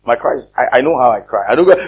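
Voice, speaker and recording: Male pastor, husky, animated preacher; muffled lo-fi sermon recording. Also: medium pitch. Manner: animated, rising to loud emphatic peaks; speaks directly to the congregation with questions. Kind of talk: preaching a sermon with scripture reading.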